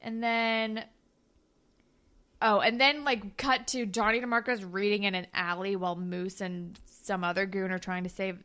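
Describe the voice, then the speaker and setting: A woman's voice: medium pitch, steady tone, normal speed, a bit bright, smooth. A young woman co-hosting a podcast, casually recapping a TV episode and acting out the characters' lines. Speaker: podcast co-host.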